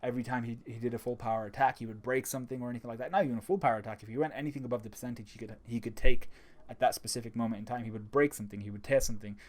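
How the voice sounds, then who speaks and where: A man talking through a manga chapter in a casual, chatty review, getting excited and often restarting his sentences. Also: medium pitch, rapid-fire.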